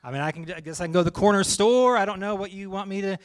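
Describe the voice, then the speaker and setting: A man's voice: high voice, very fast, lightly acted. A man voicing a laid-back, casual young man who shrugs things off and calls people "bro.". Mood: shrugging. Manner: relaxed, shrugging, says "bro".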